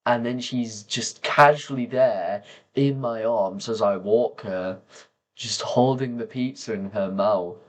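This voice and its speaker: A man talking slowly and softly to camera, pausing often as he reflects on personal memories. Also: fairly low pitch. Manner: slow, soft-spoken, pausing often. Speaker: vlogger.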